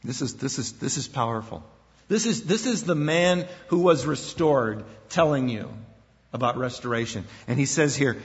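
A man's voice: medium pitch, moderate pace. Older male pastor preaching in a reverberant hall. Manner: animated, acts out quoted voices, repeats words. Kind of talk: sermon. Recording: dull sound with long hall reverb.

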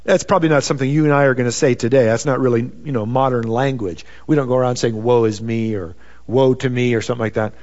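A man's voice: medium pitch, steady tone, fast, darkish tone. A man preaching a sermon in a conversational way, peppered with "you know.". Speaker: pastor. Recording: dull sound with long reverb.

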